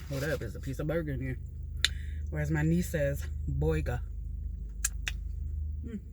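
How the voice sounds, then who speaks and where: A woman's voice: sits low, noisy background. A woman from Philadelphia with a southern drawl, chatting casually between bites as she eats in her parked car at a park. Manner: chatty, slow and relaxed, talking between bites. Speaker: mukbang vlogger. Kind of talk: casual chat while eating.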